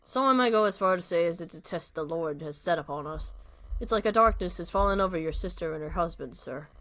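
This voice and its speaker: A sorrowful old male butler from a game, speaking in measured, old-fashioned sentences at a middling pitch, voiced by a streamer reading aloud. He is formal and deferential, weighed down by his age. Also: a bit bright, natural voice. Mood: solemn.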